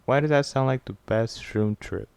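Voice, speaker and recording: Smooth, dry-sounding young male host. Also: mid-range voice, normal speed, a little mellow, no echo. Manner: laid-back, joking, swears casually. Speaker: podcast host. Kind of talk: casual chat.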